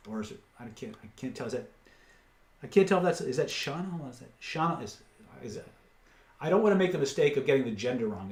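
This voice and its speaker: A man's voice: medium pitch, echoey room. Salesy man hosting a webinar. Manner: salesy, reads off prices, blunt asides. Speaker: webinar host and seller. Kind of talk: live webinar sales pitch and Q&A.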